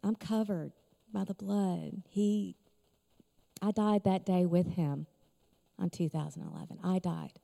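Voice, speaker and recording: Her voice sits on the low side and sounds mellow, with lively intonation, a measured pace, vocal fry, and frequent pauses. She's a middle-aged conference speaker sharing an emotional personal testimony, laughing often as she tells her story. Long reverb fills the large hall she's recorded in.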